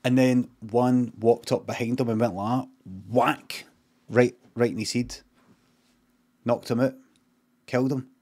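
A middle-aged man with a Scottish accent spins an improvised comic yarn. His delivery is deadpan and meandering, full of casual swearing and sudden tangents. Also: mid-range voice, unhurried, pauses often. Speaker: streamer.

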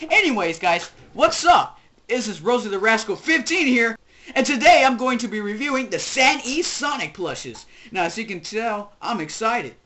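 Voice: mid-range voice, sing-song, normal speed, pushed and bright. A YouTuber from Texas hosting a jokey, rambling comedic toy review with plush skits. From Texas, United States.

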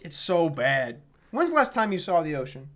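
A man's voice: a little high, sing-song, moderate pace. A man co-playing a game on stream, bantering in a playful, teasing way. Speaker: co-player and video editor.

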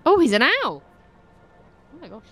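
Her high-pitched voice swoops wildly, a bit bright and at normal speed, with soft music in the background. This young streamer plays a game for the first time, reacting to everything with laughs and jumpy, nervous exclamations.

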